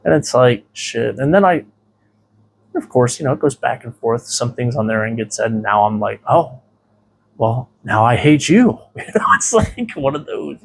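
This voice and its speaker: A man's voice: mid-range voice, animated, moderate pace, creaky, a little hiss or hum. A man who owns a tattoo shop, a podcast guest telling rambling, profane stories full of "you know.". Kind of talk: casual interview storytelling.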